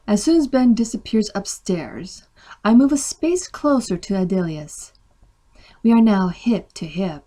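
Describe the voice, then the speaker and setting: A woman reading a story aloud in expressive first-person narration. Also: mid-range voice, unhurried.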